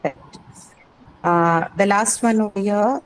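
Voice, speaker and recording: A woman's voice: mid-range voice, a little slow, low-quality recording. Patient woman teaching an online English class. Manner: patient, explanatory, repeats "correct" and "right".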